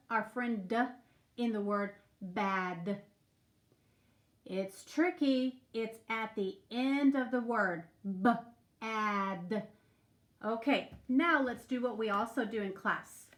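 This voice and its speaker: A woman's voice: fairly high pitch, a bit bright. A woman teacher leading a remote phonics lesson for young children, patiently prompting and stretching out sounds.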